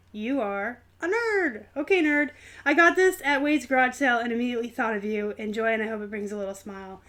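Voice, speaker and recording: A young adult woman hosting a live stream, excitedly unboxing a gift and chatting casually to viewers with frequent giggles. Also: fairly high pitch. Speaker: host of a reselling channel, live show.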